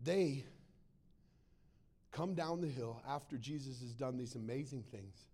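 A man preaching a sermon to a church congregation, swinging between loud acted-out quotes and quiet, low asides. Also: unhurried. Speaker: pastor.

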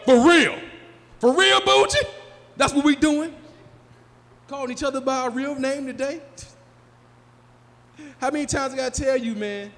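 A man voicing a touchy friend who loudly insists on his nickname, exasperated and pushy, in a reverberant live room. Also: extremely high pitch, racing, few pauses, pitched above the performer's own voice. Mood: indignant. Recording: live room reverb, faint crowd noise.

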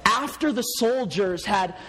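High-voiced preacher in a reverberant hall. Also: male voice, measured pace, husky. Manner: animated preaching, swings from hushed to loud; laughs often while telling stories. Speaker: pastor. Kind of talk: sermon.

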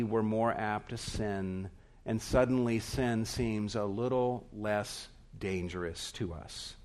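Earnest man preaching an emphatic sermon. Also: mid-range voice. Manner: earnest, emphatic preaching with drawn-out stressed words. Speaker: pastor.

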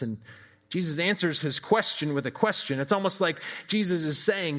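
A man delivers a devotional sermon in an easygoing, reflective tone, his voice sitting on the high side for a man. He speaks conversationally, slipping in casual fillers and turning often to rhetorical questions for his listeners. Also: expressive, brisk, fairly bright tone. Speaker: preacher.

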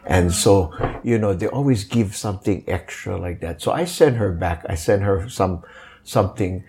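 A man's voice: low voice, normal speed, slight background noise. An older man from Hawaii with a Hawaiian Pidgin-inflected accent, telling stories in an interview with many fillers and acted-out quotes. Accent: Hawaiian Pidgin-inflected English. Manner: animated, acts out quoted voices, many fillers. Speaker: guest, kapa maker. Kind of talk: storytelling interview.

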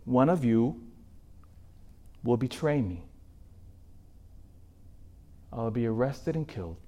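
A man preaching, speaking the lines of a grave, calm teacher in a hushed tone. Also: on the high side, moderate pace, close to an everyday voice. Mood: solemn.

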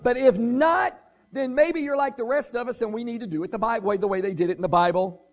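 A man's voice: very high voice, fairly quick, dull audio. A man preaching a casual, conversational sermon, joking and thinking aloud as he goes.

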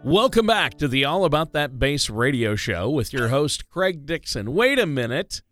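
A man's voice: fairly high pitch, very animated, normal speed, fairly bright tone, soft background music. A man co-hosting a money radio show, easygoing and jokey, with filler words. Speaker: radio co-host. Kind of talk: casual radio talk.

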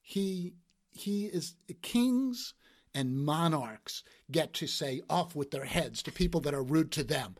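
A man who is a former mayor, telling stories in animated, emphatic casual talk. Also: on the high side, slow.

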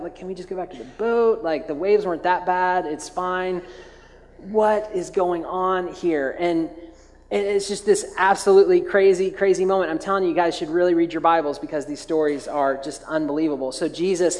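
Joking pastor in a reverberant church hall. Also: male voice, on the high side. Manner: chatty, jokey, many filler "like"s and restarts. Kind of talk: casual humorous sermon storytelling.

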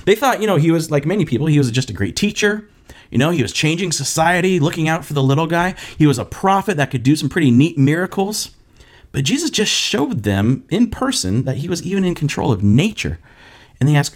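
A young man preaching a sermon on a podcast, telling the story with animated asides and acting out voices of the disciples and Jesus. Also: a little high, brisk. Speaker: pastor.

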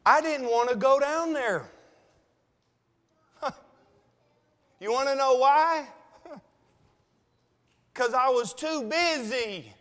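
A man's voice: very high voice, extremely slow, pauses often, fairly bright tone, big-room sound. A man preaching a sermon, telling a personal story in an emotional, conversational way and calling the congregation brethren.

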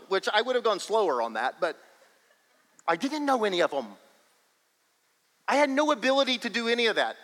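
A man preaching a sermon as pastor, emphatic and animated, often breaking into laughter. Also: sits high, brisk, pauses often, big-room sound, rough recording.

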